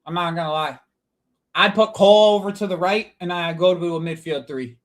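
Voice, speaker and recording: A man hosting a live football watch-along, reacting loudly to the match and swearing often while talking to viewers as boys and bro. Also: high-pitched, a little fast. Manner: swears a lot, shouts at the referee, calls viewers boys and bro.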